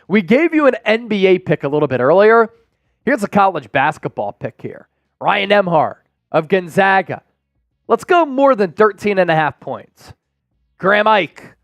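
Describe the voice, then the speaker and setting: An energetic man hosts a live sports stream and reads viewer messages aloud. His voice sits high and swings widely in pitch. The sound is dry and close. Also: no echo. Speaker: sports show host.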